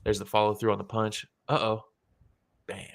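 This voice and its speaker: A man's voice: lowish voice, completely flat delivery, moderate pace, creaky. A young man co-hosting a podcast, chatting casually about fight photos and swearing freely as he acts out quotes. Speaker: podcast co-host.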